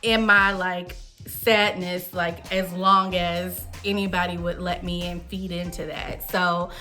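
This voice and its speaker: A woman's voice: lowish voice, flat delivery, takes it slowly, bright, forceful tone, faint music behind. A woman in her thirties, host of a wine show, telling a personal story in a chatty, candid way. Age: 30s. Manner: chatty, candid, with frequent fillers.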